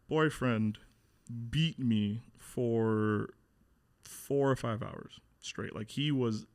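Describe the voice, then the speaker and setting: A young man appears as a podcast guest, sharing a difficult personal story casually and candidly, with plenty of fillers and swearing. His voice is medium-pitched and creaky.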